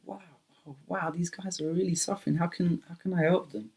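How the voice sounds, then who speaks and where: A man's voice: on the high side, fairly even intonation, a little fast, vocal fry, darkish tone, breathy edge, voice pushed up. A man voicing a friendly, curious male dragon made of pure light, who talks in a casual, slangy way in a spoken creation story. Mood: concerned. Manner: casual, chatty, slangy, exclaiming.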